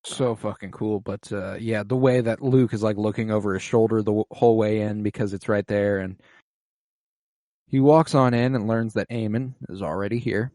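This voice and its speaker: A man's voice: on the low side, fairly even intonation, normal speed, dark tone, no echo. A man co-hosting a podcast who retells scenes in loose, profane casual chat. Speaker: podcast co-host.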